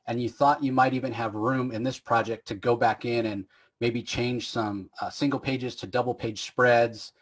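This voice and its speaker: A man's voice: medium pitch, breathy edge, low-quality recording. A man hosting a comics interview, asking long, rambling questions full of uhs. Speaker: podcast host.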